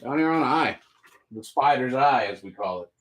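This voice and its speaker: A man's voice: medium pitch, lively intonation, normal speed, fairly bright tone. Southern guy hosting a live sale, jokey, chatty. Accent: Southern American. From American South. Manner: joking, chatty, reads out items. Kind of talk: casual live sales chat.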